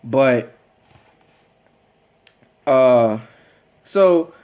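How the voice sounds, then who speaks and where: A man vlogger rambling excitedly in casual fan commentary, with lots of fillers and restarts. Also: mid-range voice, drawn-out words.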